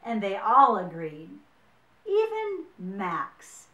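Expressive woman reading a picture book aloud. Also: mid-range voice. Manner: expressive, unhurried storytelling. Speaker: storyteller. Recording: echoey room.

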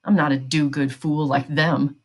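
A woman voicing a menacing, drunk armed man in a storybook reading, speaking gruffly. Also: sits low, flat delivery, measured pace, darkish tone. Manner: gruff, threatening.

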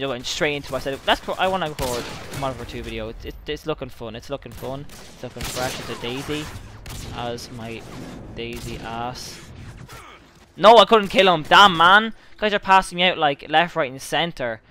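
A young man giving casual gameplay commentary, excitable and swearing often, with sudden outbursts. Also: medium pitch, fast, noisy background. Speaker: gaming channel host.

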